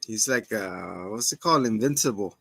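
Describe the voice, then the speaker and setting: A man's voice: on the low side, lively intonation, moderate pace, gravelly, pushed and bright, no room sound. A man co-hosting a podcast, casually rambling through scene recaps and acting out quotes. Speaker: podcast co-host. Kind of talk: casual chat.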